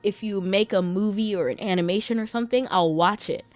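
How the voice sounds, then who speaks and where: A woman's voice: mid-range voice, brisk, dry recording. Giggly young woman chatting while gaming. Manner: chatty, giggles often between remarks. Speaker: game streamer. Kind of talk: casual gameplay chat.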